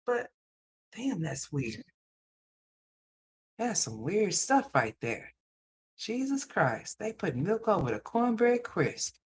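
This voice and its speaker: A woman hosting a livestream, reacting to chat in a loud, profane, animated way and calling viewers "y'all" and "honey.". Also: medium pitch, slow pace, pauses often, a little hiss or hum. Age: adult mother. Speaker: livestream host.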